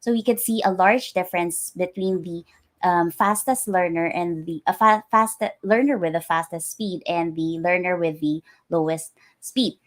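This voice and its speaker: Woman, academic lecturer, lowish voice, careful explanatory delivery, many ums. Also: moderate pace. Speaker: academic presenter. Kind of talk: recorded lecture presentation.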